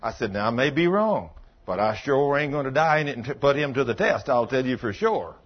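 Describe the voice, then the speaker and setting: Husky folksy preacher man, lo-fi. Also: mid-range voice, sing-song, brisk. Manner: folksy storytelling, quoting both sides of conversations. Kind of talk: sermon with acted-out dialogue.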